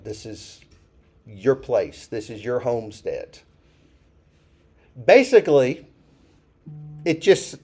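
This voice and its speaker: A man's voice: mid-range voice, warm tone. A man leading a church Bible study, talking casually, asking the group questions and repeating key phrases for emphasis. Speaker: pastor.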